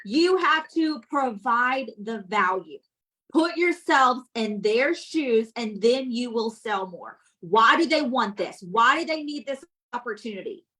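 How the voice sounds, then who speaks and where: Woman, high voice, sales coach, blunt, scolding, motivational, direct. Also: expressive, unhurried, bright, forceful tone, rough recording. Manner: chatty and direct with listeners. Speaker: sales team leader.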